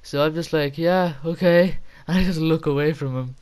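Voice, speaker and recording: A man's voice: on the high side, normal speed, darkish tone. A young man telling a casual, rambling story with frequent laughter and casual swearing. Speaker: vlogger.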